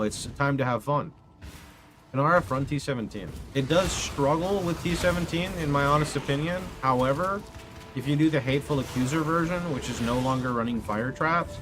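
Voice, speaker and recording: A man's voice: medium pitch, noisy background. A man streaming a game live, chatting casually and answering viewer questions. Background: background music.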